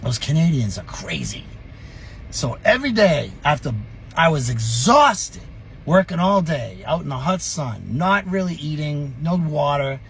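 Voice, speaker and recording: A middle-aged man spins a tale from his past with lively, profane energy. His voice sits a little high for a man and carries a husky rasp. He talks in a casual, unscripted vlog style. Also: unhurried. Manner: animated, profane, chuckling storyteller. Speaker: storyteller.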